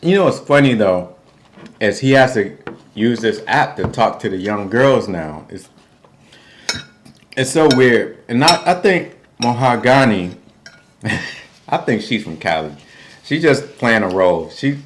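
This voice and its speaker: A man with a fairly low voice chats through a TV recap in loose, slangy talk. He keeps jumping into a high voice to mimic the people on the show. Cutlery and dishes clink while he eats. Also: unhurried, long pauses, background noise. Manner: animated, acts out quotes with sudden high voice; informal, slangy. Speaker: co-host of a reality TV recap. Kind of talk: casual recap chat over a meal.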